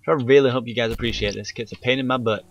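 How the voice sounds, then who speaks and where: A gaming YouTuber plays a horror game and commentates very fast in a medium-pitched, fairly even voice. He's jumpy and easily frightened, swearing and letting out sudden yelps often, all picked up by a handheld camera mic.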